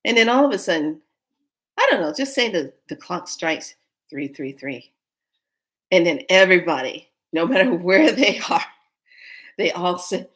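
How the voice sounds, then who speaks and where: A woman vlogger tells a story in a casual, animated way, often laughing as she speaks. Her voice sits fairly low but swoops widely in pitch, which makes her delivery expressive and bouncy. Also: moderate pace, long pauses.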